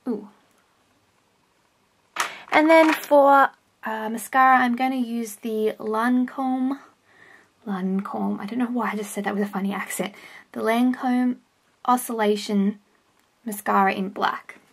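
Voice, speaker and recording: A woman's voice: a little high, fairly even intonation, moderate pace, pauses often, husky. A young woman chatting casually through a makeup tutorial vlog at home, rambling and correcting herself as she goes. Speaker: vlogger. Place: home, indoors. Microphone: camera on a stand close by.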